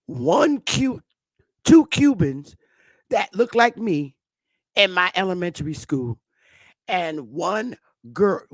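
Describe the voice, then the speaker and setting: A woman's voice: fairly low pitch, slightly rough, no room sound. A woman in her fifties from Connecticut, telling stories in a blunt, profane, emphatic rant to her viewers. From Connecticut, USA. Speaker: vlogger. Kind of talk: casual storytelling rant.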